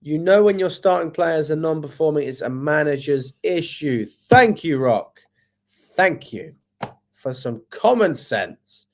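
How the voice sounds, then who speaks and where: A man's voice: fairly high pitch, lively intonation, measured pace, slight background noise. A man hosting a football fan channel, giving a live match review and reading out viewer comments, exasperated and swearing, firing off rhetorical questions.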